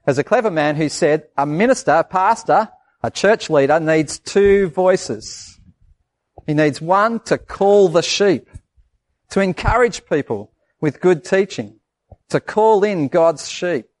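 A male pastor giving a lively children's sermon, asking the kids questions and acting out voices. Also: a little high.

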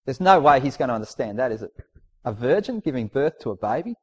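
A man's voice: medium pitch, very animated, fast, husky. A man preaching a sermon in a conversational, emphatic way, posing rhetorical questions and reading out scripture.

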